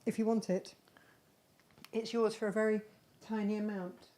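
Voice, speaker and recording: Mellow and medium in pitch, this woman speaks at a normal pace with a level tone. On her live crafting channel she chats casually about the handmade bags she's selling, rambling with clear fondness for her own work.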